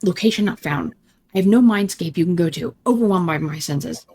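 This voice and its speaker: A woman running a gaming channel reads game dialogue aloud during a let's-play, dramatically switching voices for each character. Her lowish, warm voice has lively intonation and a fairly quick pace, with a little hiss or hum in the background.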